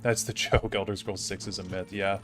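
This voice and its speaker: Low-voiced guy in his 30s rambling thru a story on stream, faint music under it. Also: steady tone. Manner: rambling, halting, many fillers and restarts. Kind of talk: casual storytelling while gaming.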